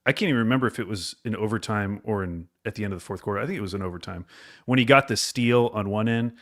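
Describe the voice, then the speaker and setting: A man co-hosting a podcast in casual sports chat, easygoing and quick to laugh. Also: on the low side, a bit bright. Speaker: podcast co-host.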